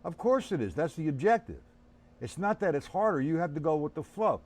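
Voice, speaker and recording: A man's voice: on the high side, big pitch swings, fairly quick, darkish tone. A man teaching a casual drum lesson on a live stream, talking bluntly and calling viewers by name.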